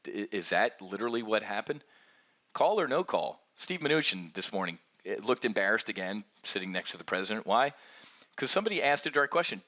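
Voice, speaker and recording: A man's voice: on the low side, big pitch swings, fairly quick, bright, forceful tone. Guy ranting about markets, sarcastic n blunt, voice swings all over, kinda muffled lo-fi audio. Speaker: options trading market commentator. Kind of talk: opinionated market commentary.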